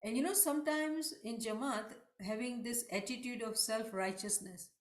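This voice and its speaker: A woman's voice: a little high, normal speed. Earnest woman teaching, echoey room. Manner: earnest, emphatic, asks rhetorical questions. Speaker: religious teacher. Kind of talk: online religious lesson.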